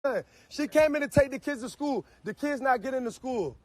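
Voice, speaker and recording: A man arguing heatedly and profanely with police outside his home, shouting and frustrated. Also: extremely high pitch, a little fast.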